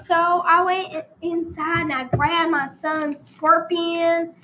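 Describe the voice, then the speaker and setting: A rambling old Texan storyteller spins a tall tale in a high, bright voice with a deliberately overdone drawl, as a young woman hams it up. The storyteller is folksy and wanders into odd asides, with faint room ambience behind. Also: fairly even intonation, a little hiss or hum, exaggerated voice, poor audio. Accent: put-on rural Texan. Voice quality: exaggerated drawl, deliberately bad accent.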